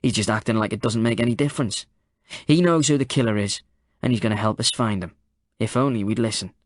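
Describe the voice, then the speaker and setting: A man playing a cool, calculating male detective chief inspector who speaks in a deadpan, blunt way. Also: lowish voice, fast talker, dry recording, clean studio sound, lightly acted. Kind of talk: audiobook character voice.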